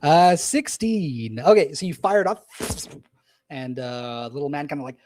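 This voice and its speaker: A man's voice: fairly high pitch, expressive, measured pace, darkish tone, rough recording. A man narrating as game master in a casual tabletop session, with lots of fillers.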